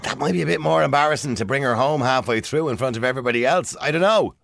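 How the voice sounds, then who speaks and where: A man's voice: mid-range voice, quick pace, gravelly, a little hiss or hum. A man in his forties with an Irish accent, hosting a radio phone-in in casual, joking chat and laughing often. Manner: jokey, laughs often, lively. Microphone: studio microphone.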